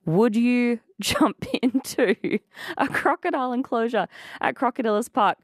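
A woman with an Australian accent hosting a breakfast radio show in a studio, chatty and playful with lively laughs. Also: mid-range voice, moderate pace, no room sound. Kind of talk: casual radio chat. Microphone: studio microphone.

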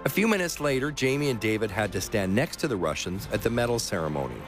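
A lower-voiced man narrates a radio sports documentary with a lively, shifting delivery and puts questions to his guest. His storytelling is measured, with faint music under his voice.

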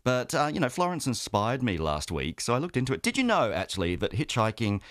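A man, a regular travel contributor on a radio show, chatting in an animated, chuckly and loose way. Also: medium pitch, fairly quick, dry recording, clean studio sound. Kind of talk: casual radio chat.

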